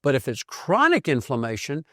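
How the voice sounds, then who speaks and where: 男性医生 在干燥近距离录音里生动讲述自己的病史. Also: male voice, mid-range voice, moderate pace, no room sound, studio quality. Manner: animated storyteller who acts out quoted voices. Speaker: physician host. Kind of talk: conversational storytelling about health.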